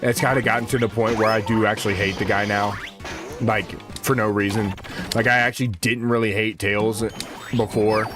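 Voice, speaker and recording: A man's voice: lowish voice, fairly even intonation, moderate pace. A man in his twenties chatting casually to viewers while streaming a game, rambling and slangy. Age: 20s. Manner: rambling, slangy, talks to chat. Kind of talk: casual livestream chat. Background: game music.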